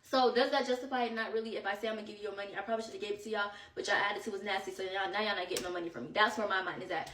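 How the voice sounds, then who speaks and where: A woman's voice: medium pitch, racing, hardly any pauses, echoey room, distant mic, slight background noise. A woman telling a vacation drama story in a casual storytime, slangy and exasperated, a bit out of breath. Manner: animated, slangy, exasperated retelling.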